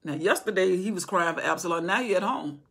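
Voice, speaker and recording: A woman's voice: lowish voice, animated, brisk, a bit bright, breathy edge. A woman teaching an informal Bible study indoors, talking conversationally with rhetorical questions and frequent restarts. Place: indoor room with candles.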